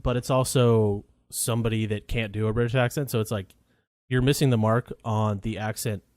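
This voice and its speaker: A mid-pitched man in casual podcast banter, recorded dry and close. He rambles and restarts his sentences and swears freely as he talks films. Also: a little mellow, no room sound. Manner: rambling, profane, many restarts. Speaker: podcast co-host. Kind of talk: casual movie chat.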